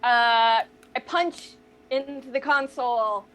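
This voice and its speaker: A woman's voice: fairly high pitch, fairly even intonation, slow pace, fairly bright tone, low-quality recording. A woman playing a tabletop roleplaying game, playful and enthusiastic as she describes what her character does. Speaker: player.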